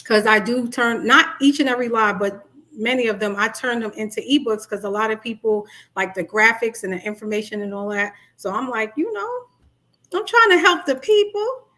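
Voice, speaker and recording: A middle-aged life coach from Brooklyn, New York, speaks with a New York accent in a bright, forceful, medium-pitched voice that's a little fast and fairly even in intonation. She's chatting casually on a livestream and greeting commenters by name.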